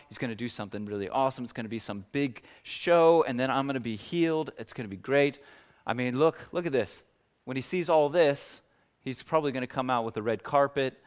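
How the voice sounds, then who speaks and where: A man preaching a sermon in a relaxed, conversational way, acting out the words of biblical figures as he goes. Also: medium pitch. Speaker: pastor.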